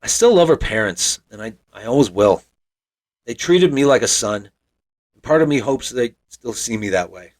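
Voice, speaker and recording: A man's voice: mid-range voice, animated, normal speed, darkish tone. A man in his forties from Montana, telling a personal story as a podcast host in a reflective, wry, self-deprecating way.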